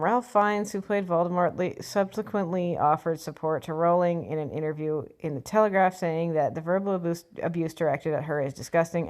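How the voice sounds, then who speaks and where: Woman vlogger, slightly low voice, blunt and scornful, reads an article aloud and picks it apart. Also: a little mellow. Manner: blunt, sarcastic, profane ranting. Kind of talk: opinion vlog reading an article.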